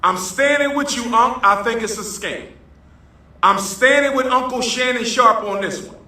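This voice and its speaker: A man's voice: extremely high pitch, normal speed, pushed and bright. A man joking in a casual selfie-style rant, repeating himself and laughing as he goes. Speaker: social media commenter. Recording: roomy, distant clip with faint noise.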